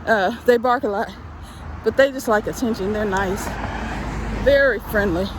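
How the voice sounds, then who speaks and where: A woman's voice: on the high side, normal speed. Breathless woman vlogging on a street. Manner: encouraging, preachy, repeats phrases. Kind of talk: casual motivational vlog while walking. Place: outdoors on a residential street. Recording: faint street noise outdoors.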